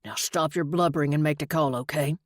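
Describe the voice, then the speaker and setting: A woman voicing a gruff young rancher man with a hoarse, husky voice in an audiobook. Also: sits low, steady tone, brisk, dry recording, clean studio sound. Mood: gruff, emotional.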